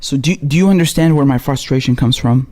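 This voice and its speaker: A man's voice: mid-range voice, darkish tone. A man hosting a political commentary show, ranting with heated passion and heavy swearing. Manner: heated, profane, rapid-fire ranting. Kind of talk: impassioned political rant.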